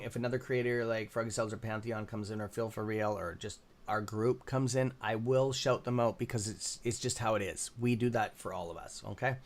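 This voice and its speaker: Canadian male stream host, tired, rambling with ums and restarts, middle pitch. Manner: rambling, many fillers and restarts, reading chat names aloud. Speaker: livestream stock trading host. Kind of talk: casual live-stream commentary.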